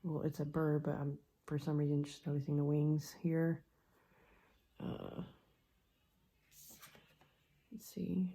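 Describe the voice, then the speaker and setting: A woman reading tarot cards for her viewers in a low, mellow voice. She takes her time, musing aloud and often drifting into soft murmurs. Her pitch sits on the low side. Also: level tone, a little slow. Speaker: tarot card reader. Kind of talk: pick-a-card tarot reading.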